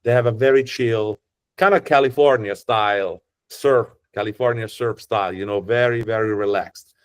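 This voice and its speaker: A man's voice: fairly low pitch, moderate pace. A man with an Italian accent, a tour guide who explains in a chatty, joking way with frequent restarts. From Italy. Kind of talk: casual explanatory talk.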